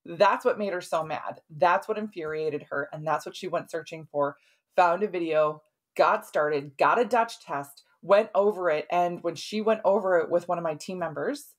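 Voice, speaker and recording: Conversational woman host with a lowish voice. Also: normal speed. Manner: conversational, often tags sentences with "right?". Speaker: podcast host and health practitioner. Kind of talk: casual storytelling monologue.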